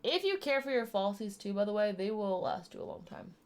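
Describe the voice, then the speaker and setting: A streamer does her makeup while chatting casually, explaining each step as she goes. Her mid-range voice swings widely in pitch, and she talks briskly in this relaxed makeup tutorial.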